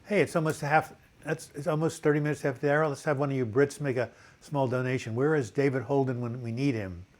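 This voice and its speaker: An older man with a dry cough hosts a relaxed live video chat. He has a mid-pitched voice and reads viewers' comments aloud as they come in. He breaks off into corny jokes between them. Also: quick pace.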